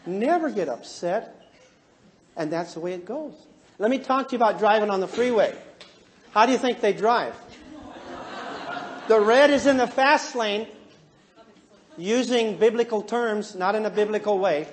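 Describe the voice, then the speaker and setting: A man counseling and teaching a live class in a joking, animated way, often asking the audience questions. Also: sits high, moderate pace, long pauses, a little hiss or hum. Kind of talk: humorous lecture to a live class.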